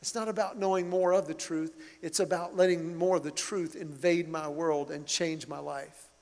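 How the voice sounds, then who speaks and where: A middle-aged man preaches with a notably high voice, earnest and emphatic as he builds each point. His words ring out with the long reverb of a large church hall. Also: steady tone, normal speed, gravelly, a little mellow. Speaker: pastor. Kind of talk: sermon.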